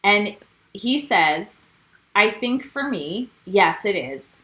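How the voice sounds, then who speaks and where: A woman co-hosting a casual recap show. She talks in an easy, chatty way and keeps quoting people with animated emphasis. Her pitch sits mid-range for a woman. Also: slow, poor audio. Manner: animated, quotes cast members. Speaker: co-host.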